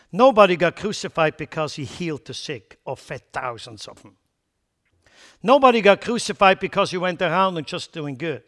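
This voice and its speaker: A man preaching a sermon emphatically, swinging between loud declarations and quiet asides, blunt and scornful toward foolish ideas. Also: a little high.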